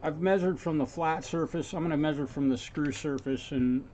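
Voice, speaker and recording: A man's voice: fairly high pitch, moderate pace, dark tone. A man working as a guitar repair technician, thinking aloud and chatting casually with viewers as he works in his workshop. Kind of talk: casual workshop stream talk.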